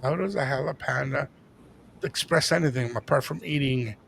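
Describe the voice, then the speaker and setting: A man co-hosting a podcast, telling a story in a casual chat and acting out the dialogue with lively energy. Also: mid-range voice, moderate pace, vocal fry, slight background noise. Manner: animated, acts out quoted dialogue. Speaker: podcast co-host.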